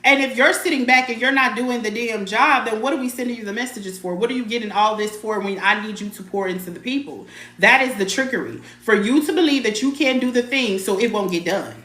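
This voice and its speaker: A woman with a slightly high, fairly bright voice speaks a little fast in an echoey room while hosting a live spiritual stream. Blunt and emphatic, she chats casually, names viewers as she greets them, swears mildly and repeats her points and phrases.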